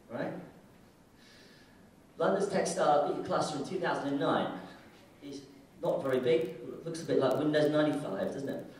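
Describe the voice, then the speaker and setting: A man's voice: mid-range voice, darkish tone. Jokey man in an echoey hall. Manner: casual, jokey, irreverent. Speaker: keynote speaker. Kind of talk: conference keynote talk. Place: large conference hall. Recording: echoey hall, mic heard from far off.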